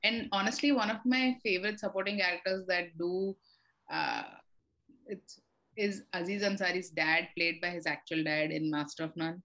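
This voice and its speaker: A woman's voice: fairly low pitch, animated, normal speed, a bit bright, rough recording. Frank woman chatting about a show. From India. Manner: frank, exasperated critique with frequent fillers. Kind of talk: casual podcast chat.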